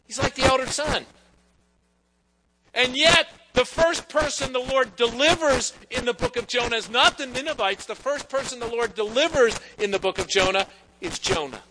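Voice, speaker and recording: A male pastor with a very high-pitched voice gives a conversational sermon, tucking quoted lines from various figures into quick asides. There is noticeable noise in the background.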